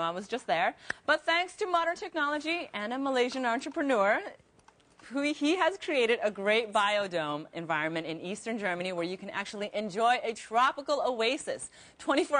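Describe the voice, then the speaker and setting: A woman's voice: on the high side, fairly bright tone. Bubbly woman reading tech news. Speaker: news segment presenter.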